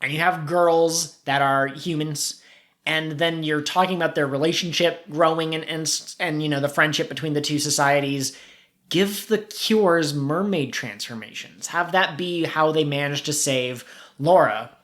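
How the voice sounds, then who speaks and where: A woman's voice: sits low, normal speed, a bit bright. A woman co-hosting a podcast, talking through an anime episode in a thoughtful, casual way. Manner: thoughtful, with restarts and light laughs. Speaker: podcast co-host. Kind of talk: casual chat about an anime.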